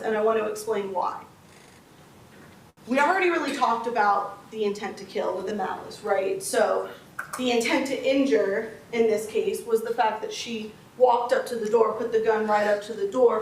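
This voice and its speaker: A woman's voice: a little high, slight background noise. A woman prosecutor giving a closing argument to a jury, explaining the law step by step with emphasis. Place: courtroom. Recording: echoey courtroom audio from a distance.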